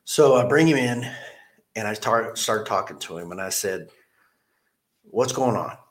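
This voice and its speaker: A man's voice: on the low side, expressive, moderate pace. A middle-aged man, a car dealership manager, telling a personal story in a casual interview, earnest and plain-spoken, repeating his key phrases.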